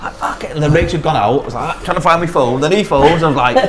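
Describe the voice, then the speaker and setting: A man with a Northern English accent, co-hosting a podcast in casual chat, telling stories in an animated, sweary way. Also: on the high side, quick pace, crowd noise. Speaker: podcast co-host.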